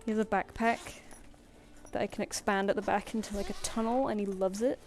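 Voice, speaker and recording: A woman's voice: mid-range voice, steady tone, a little fast, a little mellow. A woman artist chatting casually on a live stream, rambling and self-deprecating, and talking to her pet between thoughts.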